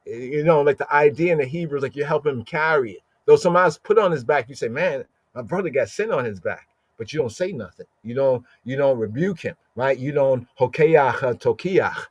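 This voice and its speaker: A man teaching scripture in a podcast, explaining Hebrew words slowly and asking "right?" again and again. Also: mid-range voice, dry recording, lo-fi sound. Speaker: Bible teacher.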